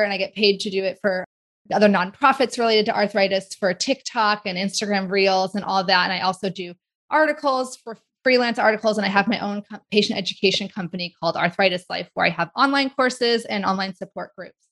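A woman in her forties, a guest in an interview, talking casually and chattily with quick asides. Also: mid-range voice, a bit bright. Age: 40s.

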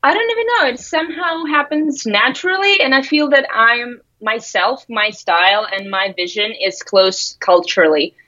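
A woman's voice: fairly high pitch, lively intonation, normal speed, few pauses, pushed and bright, highs cut off. Woman, guest. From Russia. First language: Russian. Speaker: guest, graphic designer. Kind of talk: casual interview.

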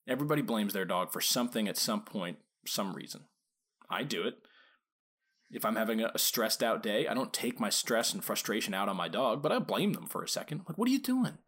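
A podcast host and dog trainer with a somewhat low, expressive voice talks casually about training dogs. His tone is fairly bright with a breathy edge, and he keeps tossing rhetorical questions at listeners while slipping in quick acted-out quotes.

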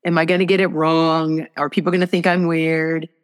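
A woman's voice: low voice, little pitch movement, moderate pace, clear, resonant tone, long reverb tail. A woman speaking as a guest author in a faith conversation, earnest and emphatic in how she talks.

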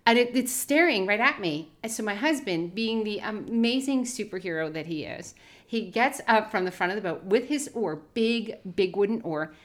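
A middle-aged woman co-hosting a podcast, telling a story in a casual, animated way and often laughing. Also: medium pitch, normal speed. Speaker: podcast co-host.

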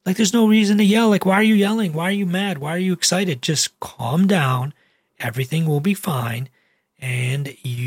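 A man's voice: on the high side, slightly rough, dry recording, clean studio sound. A male physician giving a casual, emphatic vlog talk, with repetitive phrasing and slang.

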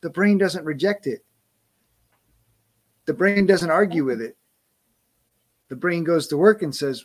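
A man in a casual coaching chat, enthusiastic, often repeating himself, dropping low to voice a doubting inner voice. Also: a little slow, long pauses. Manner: enthusiastic, repeats and restarts, drops to low muttering for quoted inner voice.

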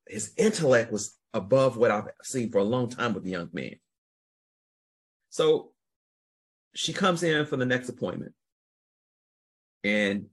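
A podcast host with a husky, mid-range voice tells a long story in a rambling, casual way. He restarts sentences and swears freely.

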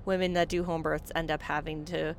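A woman talking casually to her viewers, chatty and animated, often laughing and restarting her sentences. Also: low voice, a little fast, a little hiss or hum. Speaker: vlogger. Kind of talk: casual chat to camera.

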